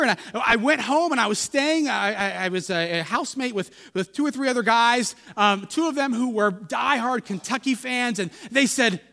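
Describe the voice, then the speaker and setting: A man with a very high, lively voice gives a sermon in a casual, halting way, often restarting his sentences. His voice rings with long hall reverb, as in a church. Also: vocal fry. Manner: conversational, halting with many restarts. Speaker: pastor.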